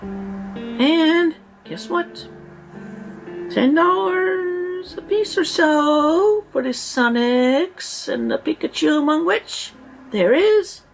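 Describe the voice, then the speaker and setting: This archived online rant features a woman putting on an over-the-top British-sounding accent, pompous and indignant. Her exaggerated voice is extremely high-pitched and expressive, delivered extremely slowly with vocal fry, over faint background music.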